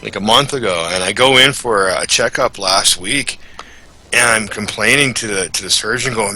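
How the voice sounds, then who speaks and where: A man's voice: lowish voice, moderate pace, slight background noise, low-quality recording. A man on a video call, telling a story casually and swearing freely as he goes. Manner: profane, animated anecdote-telling. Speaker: game developer on a livestream.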